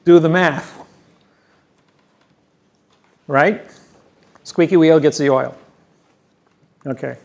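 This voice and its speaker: Slightly high-voiced man lecturing a seminar. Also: extremely slow, gravelly, pauses often, a little mellow. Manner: boastful, emphatic, self-assured. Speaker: seminar presenter. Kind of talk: rambling classroom lecture. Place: seminar room.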